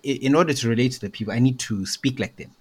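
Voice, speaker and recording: A young man co-hosts a podcast in casual chat, telling stories very fast and repeatedly checking in with "right?" His medium-pitched voice is a little mellow and slightly rough.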